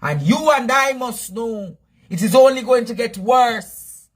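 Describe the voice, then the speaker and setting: A Jamaican man hosting news commentary, shouting and repeating phrases for emphasis in a fiery rant. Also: very high-pitched, lively intonation, a little slow.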